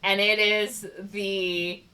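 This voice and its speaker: A woman's voice: mid-range voice, level tone, very slow, pushed and bright, far from the mic. A woman co-hosting a podcast, casually retelling a movie plot with lots of "like" and "whatever". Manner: rambling retelling full of "like" and "whatever". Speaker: podcast co-host. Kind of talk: casual movie recap chat.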